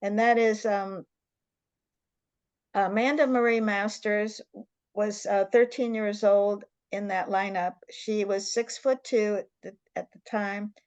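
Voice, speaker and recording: A woman's voice: mid-range voice, fairly even intonation, takes it slowly, a little mellow, smooth, no echo. An older woman hosting an interview, telling a story in an earnest, emphatic way over a video call. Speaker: interview host.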